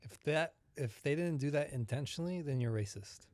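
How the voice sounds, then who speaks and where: A man's voice: fairly high pitch, lively intonation, brisk, darkish tone, no echo, clean studio sound. A man co-hosting a casual movie review podcast, laid-back and playful, laughing often. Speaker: podcast co-host.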